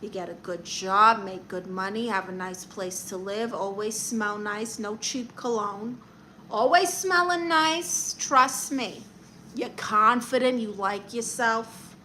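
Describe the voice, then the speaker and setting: A woman's voice: mid-range voice, steady tone, takes it slowly, bright, forceful tone, a little hiss or hum. A woman with a Brooklyn accent hosting a comic livestream. She reads viewer comments and gives blunt, sassy advice, calling people honey.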